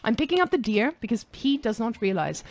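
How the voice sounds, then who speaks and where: A woman's voice: a little high, sing-song, fairly quick, background noise. A woman playing a cocky trash-talking male gamer persona, bragging in the first person while commentating.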